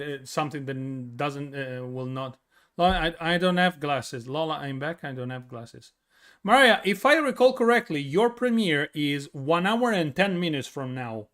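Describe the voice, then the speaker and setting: Italian male streamer, tired, chatty and rambling, slightly high voice. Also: animated, moderate pace, fairly bright tone. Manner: chatty, explains with many fillers and restarts. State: tired from little sleep. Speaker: streamer answering chat. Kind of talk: casual chat reading viewer questions.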